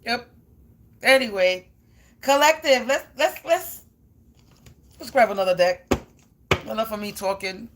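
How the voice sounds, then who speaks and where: There's a little hiss or hum behind this tarot reader, whose voice is on the high side and a bit bright. She takes her time with long pauses, rambling to her viewers in blunt, slangy language laced with casual swearing.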